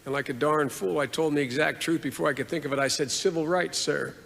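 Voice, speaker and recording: A man in his sixties stands at a podium in a large hall, delivering an earnest, formal eulogy. His voice is gravelly, and he builds each point with repeated phrases. Long reverb from the hall trails his words over faint background noise. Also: on the high side, steady tone, fast talker, a bit bright. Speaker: senator giving a eulogy.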